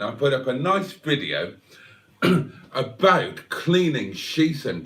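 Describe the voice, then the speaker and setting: Lively, wry man on a livestream. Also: mid-range voice, far from the mic. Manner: playful, wry and mock-theatrical. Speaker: livestream host reading chat. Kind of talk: casual chat.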